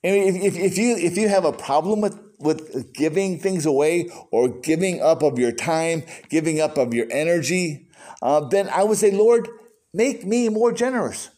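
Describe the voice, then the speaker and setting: A man preaching a sermon as pastor, folksy and animated, with conversational asides. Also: a little high, moderate pace.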